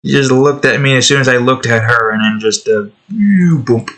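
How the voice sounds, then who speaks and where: A man's voice: mid-range voice, moderate pace, a bit bright. A young man chatting casually while he draws at home, rambling with lots of fillers and side comments. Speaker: digital artist and channel host. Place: at home indoors, with his cat nearby.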